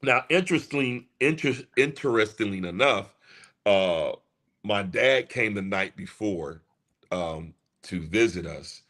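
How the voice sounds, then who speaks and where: Low-voiced storytelling man. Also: measured pace. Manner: animated, acts out quoted voices. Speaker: music producer guest. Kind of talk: casual storytelling.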